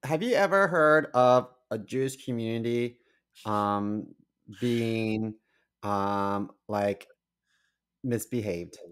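A man co-hosting a podcast, telling stories in a casual chat, animated, blunt and crude. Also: medium pitch, slow, smooth. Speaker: podcast co-host.

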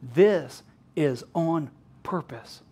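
A man's voice: a little high, drawn-out words, mellow, husky. A middle-aged male pastor preaching a sermon, laughing often and acting out bits of dialogue.

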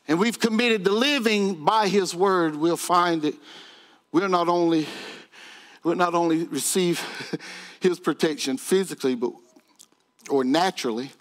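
A man's voice: high-pitched, fairly bright tone. A male pastor preaching a sermon with rhetorical questions and growing fervor.

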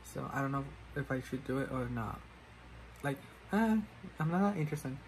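A man's voice: medium pitch, animated, normal speed, a little hiss or hum, poor audio. A man chatting casually while doing his makeup, rambling and self-mocking, switching languages mid-sentence. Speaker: makeup vlogger.

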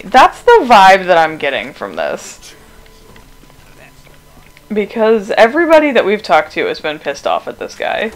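An excitable woman streamer talking over her gameplay, her pitch swinging up and down as she reacts. She swears freely and laughs a lot. She is recorded at home on a cheap, very sensitive desk mic. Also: measured pace, long pauses, rough recording. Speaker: gaming streamer. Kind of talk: casual let's-play commentary. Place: home room, roommates nearby.

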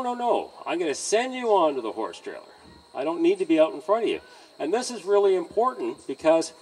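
A man teaching horse handling outdoors by a trailer, in a calm coaching manner with frequent okays and chuckles. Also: fairly high pitch, slightly rough, far from the mic, rough recording. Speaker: horse trainer. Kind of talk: hands-on training demonstration.

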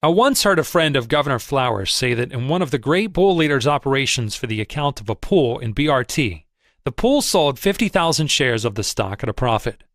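Male narrator for a first-person audiobook, expressive and measured, lively pitch, dry booth sound. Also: no echo.

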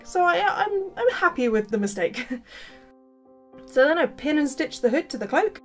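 Chatty woman, higher voice. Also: sing-song, a little slow, soft background music. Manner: chatty, playful, self-mocking asides. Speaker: costume maker. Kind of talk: casual sewing vlog narration.

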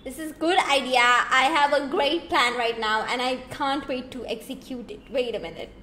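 A young woman streaming a game, chatting casually with playful, teasing, excitable exclamations. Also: sits high, normal speed, roomy sound, slight background noise, poor audio. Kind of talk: casual gameplay commentary.

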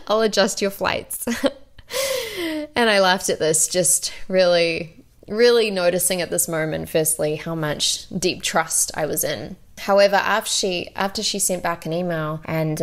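A woman hosting a podcast, telling a personal story in a soft, intimate way with light laughs. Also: sits low, gravelly. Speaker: podcast host and spiritual coach. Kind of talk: storytelling monologue.

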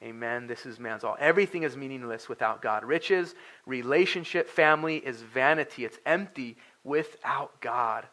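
A man's voice: mid-range voice, normal speed, sharp tone. A young adult man delivering a sermon as a pastor, in an earnest, conversational way, with many fillers and restarts. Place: church sanctuary.

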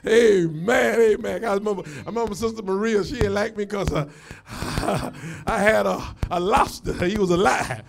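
A man preaching a live sermon as a pastor, shouting, laughing and swinging between loud and soft. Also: high voice, normal speed, gravelly. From United States.

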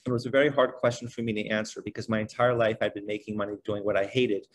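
A middle-aged man, a guest on a podcast, telling his life story in a relaxed, conversational way, filling his speech with "you know" and "like". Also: lowish voice, slight background noise. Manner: animated, fast-flowing, many fillers like "you know" and "like". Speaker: podcast guest, basketball trainer.

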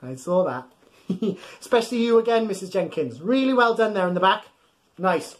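A man's voice: high-pitched, expressive, moderate pace. A man reading a bedtime story aloud to children, playful and theatrical, chatting to his audience between pages.

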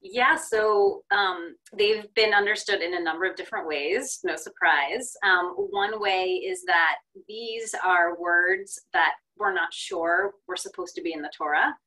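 Bright-voiced woman Torah scribe explaining. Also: lowish voice, rough recording. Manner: clear, measured explanation with fillers. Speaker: Torah scribe, guest in class. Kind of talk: explaining in a class discussion.

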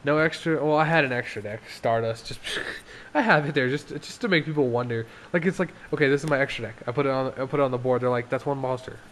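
A young man talking casually through his card game deck, excitable, laughing often and acting out his opponents. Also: medium pitch, fast, a little hiss or hum.

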